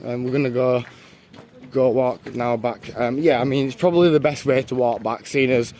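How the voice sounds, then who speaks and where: With a steady mid-range voice at a moderate pace, a young northern English streamer walks through a town holding his phone camera, chatting casually and rambling while warmly thanking viewers. A little hiss or hum sits under the audio.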